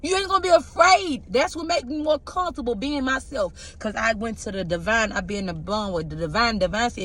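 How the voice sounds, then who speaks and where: A woman tarot reader speaking straight to her viewers in a confessional, preachy way. She keeps checking in with her listeners and lays bare her own hurts as she urges them toward the divine. Her voice sits at an ordinary pitch for a woman. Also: fairly quick, hardly any pauses, fairly bright tone, a little hiss or hum. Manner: preachy, keeps asking "you get what I'm saying"; heartfelt and confessional. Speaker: tarot reader giving spiritual messages. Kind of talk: emotional spiritual pep talk to viewers.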